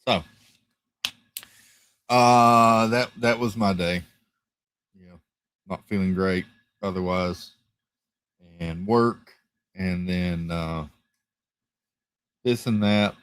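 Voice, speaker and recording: A man hosting a casual live stream from home, reading viewer comments in a relaxed, chatty way with lots of fillers and repeated thank-yous. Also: deep voice, very slow, long pauses, smooth, no room sound. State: tired, yawning. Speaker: livestream host. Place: home, rural area.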